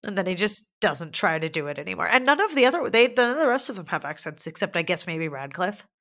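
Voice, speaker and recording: A woman's voice: lowish voice, sing-song, quick pace, a bit bright. A woman co-hosting a casual movie review chat, talking loosely and filling her sentences with "like". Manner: chatty, peppered with "like". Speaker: podcast co-host.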